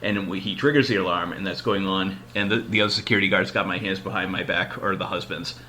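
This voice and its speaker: Male podcast host, loose rambling storyteller, lower pitch with a sharp, forceful tone. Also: steady tone, fast, slight background noise. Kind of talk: casual chat.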